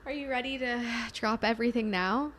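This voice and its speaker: A woman's voice: a little high, a little fast, a bit bright, slight background noise. A young woman co-hosting a podcast in upbeat casual chat, laughing often. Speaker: podcast co-host.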